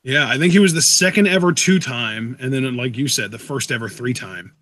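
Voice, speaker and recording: A man co-hosting a live wrestling reaction stream, chatting and calling moves in quick play-by-play. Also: mid-range voice, a bit bright, no room sound. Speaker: co-host, wrestling commentator. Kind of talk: casual live reaction commentary.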